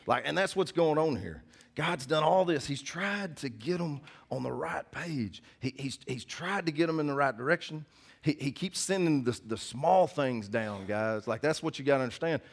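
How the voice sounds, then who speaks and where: A middle-aged man preaching a sermon, telling personal stories as he swings between loud bursts and hushed asides. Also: fairly high pitch, lively intonation, normal speed, vocal fry.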